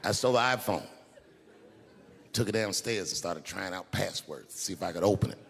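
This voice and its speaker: A middle-aged man doing stand-up on a theater stage, telling stories animatedly and shouting some punchlines. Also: deep voice, brisk, creaky. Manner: animated storytelling, swings to loud shouted punchlines. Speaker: stand-up comedian. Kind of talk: stand-up comedy routine. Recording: big hall, loud crowd and noise. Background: audience laughter and applause.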